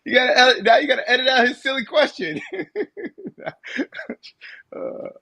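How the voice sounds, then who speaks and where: High, gravelly man with a lively voice. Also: normal speed. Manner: laughs often, acts out mocking voices. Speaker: podcast co-host. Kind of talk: casual chat. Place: live podcast studio.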